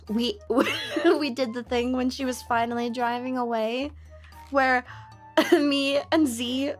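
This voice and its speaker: A young woman streamer chatting casually, telling stories in an excitable, gushing way. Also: high voice, measured pace, soft background music. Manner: excitable, gushing storyteller with lots of laughter. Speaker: VTuber streamer.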